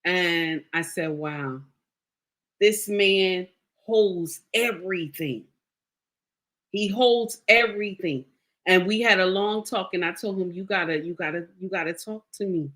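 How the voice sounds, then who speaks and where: A woman's voice: mid-range voice, fairly bright tone. A middle-aged woman telling viewers a personal story in a casual, emphatic way, repeating phrases and speaking to them directly. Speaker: vlogger sharing a personal story.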